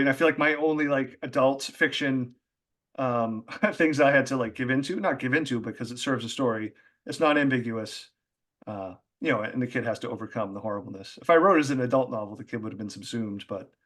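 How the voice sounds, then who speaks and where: A man's voice: medium pitch, fairly bright tone. Chatty, rambling male author. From Boston area. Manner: rambling, chatty, many fillers and laughs. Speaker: author guest. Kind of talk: casual conversation.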